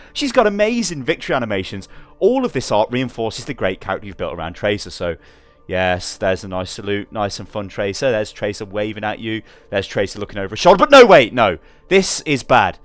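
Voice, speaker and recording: Young male gaming commentator, sarcastic and exasperated, very animated pitch, dry close mic with faint music underneath. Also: a little fast, no room sound. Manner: exasperated, sarcastic, swears freely. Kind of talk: ranting gameplay commentary.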